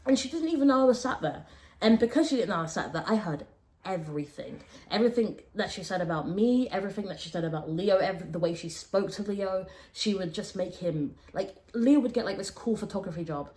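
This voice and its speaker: A young woman frankly telling a personal story as a podcast co-host, animated and quick to laugh. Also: medium pitch. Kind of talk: casual storytelling chat.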